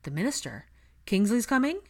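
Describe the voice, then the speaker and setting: A woman's voice: a little high, big pitch swings, brisk, darkish tone, pitched above the performer's own voice. A woman reading the part of an anxious young witch asking questions.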